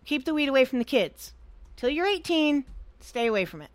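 A woman co-hosting a casual podcast, blunt and animated, swearing freely as she gives her opinions. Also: high voice, brisk, no echo. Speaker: podcast co-host. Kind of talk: casual chat.

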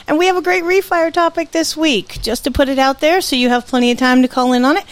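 Brash, profane woman co-hosting a podcast. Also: fairly high pitch. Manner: brash, profane, fast-talking. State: sober and tired after a long workday. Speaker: podcast co-host. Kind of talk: casual livestream chat.

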